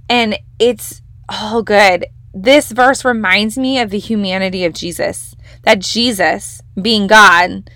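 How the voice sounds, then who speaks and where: Leading a devotional on her podcast, a young woman teaches Bible passages with casual enthusiasm and plenty of emphasis. She speaks at a medium pitch with a slightly bright tone, and there's no echo.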